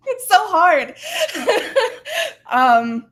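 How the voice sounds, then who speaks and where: Slow-talking, laughing higher-voiced woman. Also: a bit bright. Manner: laughing, playful storyteller. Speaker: co-host and writer. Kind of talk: casual livestream chat.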